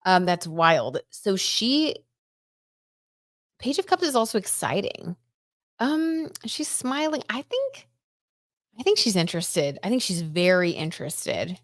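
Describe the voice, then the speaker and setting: A young woman chats her way through a live tarot reading in a slightly low voice, bubbly and quick to exclaim at every card. The sound is close and dry, with no room around it. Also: dry recording. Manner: chatty and excitable, lots of "oh my god" and "like"; reads viewer comments aloud and reacts. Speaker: tarot reader hosting a live stream.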